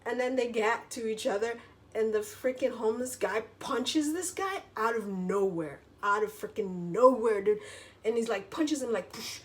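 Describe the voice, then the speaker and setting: A woman's voice: a little high, normal speed. A woman vlogger in a casual storytelling monologue, chatty, full of filler words and casual swearing.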